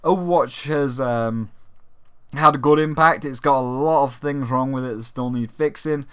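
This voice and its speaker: A man's voice: medium pitch, normal speed, smooth. A young British man hosting a gaming channel, ranting casually with lots of swearing and mocking imitations. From Britain. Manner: sweary, animated, mocking voices.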